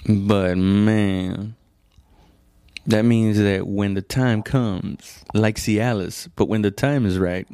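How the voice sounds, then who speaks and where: Man, podcast host type, lowish voice, swears a lot, loose rambling comic monologue, dry close sound. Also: steady tone, slow, dark tone, clean tone, no room sound. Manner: profane, rambling, restarts and self-corrections; laid-back, addresses listener as "dude". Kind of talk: casual comedic monologue.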